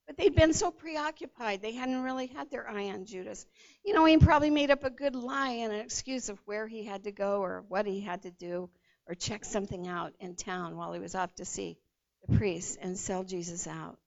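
A woman teaching a Bible passage in a lively, conversational way, sometimes acting out the voices of the people in the story. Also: mid-range voice, moderate pace, creaky. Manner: animated retelling, acts out the disciples' voices. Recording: dull lo-fi sound.

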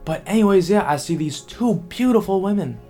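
A young man talking casually to camera as a vlogger, rambling and excitable, full of fillers and swearing. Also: high-pitched, brisk, soft background music.

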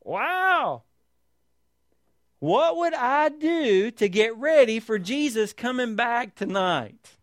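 A man's voice: very high-pitched, expressive, slow, few pauses, no room sound, clean studio sound. A man preaching a sermon as pastor, reading scripture aloud with emphasis and pressing points with rhetorical tag questions.

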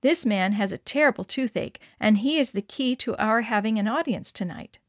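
A woman's voice: on the high side, expressive, normal speed, no echo, studio quality, close to an everyday voice. A woman voicing an earnest, kind male preacher in a read-aloud story, speaking up emphatically.

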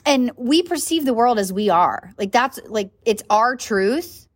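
A woman's voice: on the high side, expressive, a little slow, breathy edge. A woman hosting a solo podcast in a casual, chatty way, with lots of fillers and frequent asides asking "right?". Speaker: podcast host and coach.

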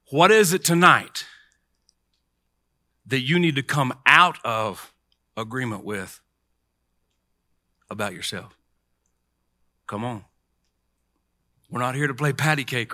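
Middle-aged male preacher, crisp dry sound, bright tense tone, talks the crowd through call-and-response. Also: mid-range voice, dry recording. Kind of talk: sermon.

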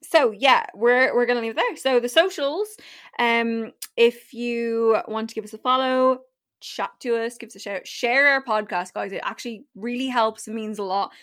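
A woman's voice: a little high, normal speed, fairly bright tone, clean tone. A tipsy woman co-hosting a podcast in casual chat, laid-back and giggly, swearing now and then. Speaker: podcast co-host.

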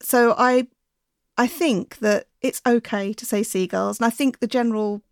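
A woman talking casually as a guest on a podcast, explaining things in a relaxed, friendly way. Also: on the high side, moderate pace, clear, resonant tone, no room sound, clean studio sound. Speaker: bird enthusiast guest.

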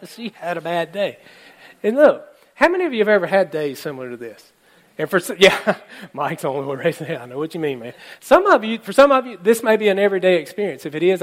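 A male pastor preaching a sermon, telling a story and acting out the characters' lines while speaking to his congregation. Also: fairly high pitch. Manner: animated, acts out characters' lines, addresses congregation.

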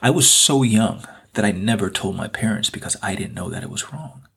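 A man's voice: on the low side, lively intonation, a little fast, vocal fry, breathy edge. A man hosting a podcast, telling a personal story in an earnest, reflective way and repeating phrases for emphasis. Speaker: podcast host.

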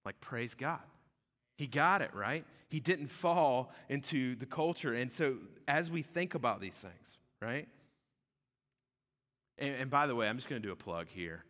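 A man's voice: mid-range voice, expressive, unhurried, fairly bright tone. A man preaching a sermon as a pastor in an emphatic, conversational way, in a church auditorium. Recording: long reverb of a large hall.

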